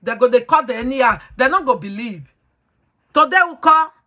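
A woman's voice: a little high, expressive, a little fast, pushed and bright. A woman hosting a talk show, lecturing her listeners in an emphatic, preachy way and slipping into pidgin. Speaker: host.

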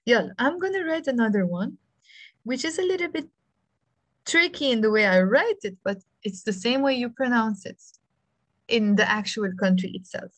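A woman with a Lebanese accent and a fairly bright, animated voice on the high side speaks at normal speed in a dry recording. An Arabic teacher, she leads a live online beginners' language class over a video call, patiently spelling out letters one by one and encouraging her students.

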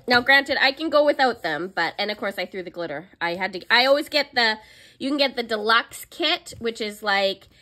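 A woman's voice: mid-range voice, sharp tone. A young woman chatting casually in a haul vlog, gushing and squealing over cute planner stickers. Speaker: planner vlogger.

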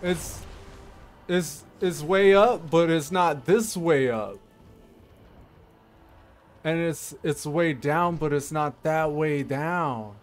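A man's voice: a little high, takes it slowly, pauses often, soft background music. Laid-back man musing over gameplay. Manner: rambling, laughs often, talks to himself. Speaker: gameplay streamer. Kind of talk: casual gameplay commentary.

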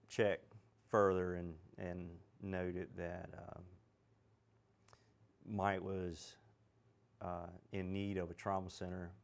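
Man, medic, gravelly, very deep flat voice, halting with fillers. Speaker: emergency medic. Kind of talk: documentary interview recollection.

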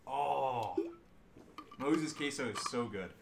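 A young man chatting casually on a livestream, rambling and restarting his sentences as he gets excited. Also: medium pitch, slow, creaky, background noise. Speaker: streamer guest.

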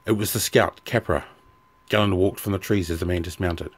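A man narrating a fantasy novel in a measured, even audiobook reading. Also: sits low, slightly rough.

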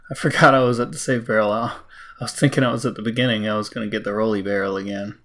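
Gravelly American man narrating gameplay. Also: steady tone, quick pace, a bit bright. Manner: self-mocking, talks to the game, sudden high exclamations. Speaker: let's play host. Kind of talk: casual gameplay commentary.

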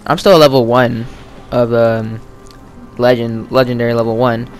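A man giving rambling, chatty let's-play commentary while gaming with a friend, full of fillers and sudden excited yelps. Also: mid-range voice, moderate pace, faint music behind. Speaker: gamer playing co-op with a friend.

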